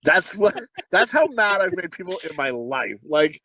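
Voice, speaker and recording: A man's voice: high voice, big pitch swings, a little slow, pushed and bright, dry recording. A man co-hosting a podcast, rambling through crude stories and laughing often in casual chat. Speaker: podcast co-host.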